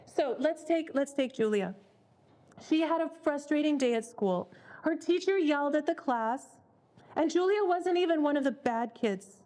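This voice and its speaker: A woman's voice: high voice, darkish tone. A woman leading a parenting workshop, speaking earnestly and repeating words as she thinks. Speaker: workshop leader.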